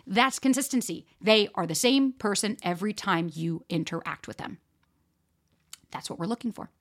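Blunt, animated young woman podcast host. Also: mid-range voice, normal speed. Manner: blunt and frank, swears freely; animated, speaks straight to listeners. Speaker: dating coach podcast host. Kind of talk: casual solo podcast talk.

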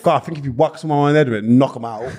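A man's voice: mid-range voice, fast talker, a little mellow. A man with a Geordie accent, chatting as a podcast guest in a camp, playful, giggly way. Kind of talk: casual chat.

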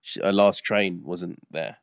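A young man co-hosting a podcast in casual banter, blunt and quick to laugh. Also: low voice, gravelly, no echo, clean studio sound. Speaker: podcast co-host.

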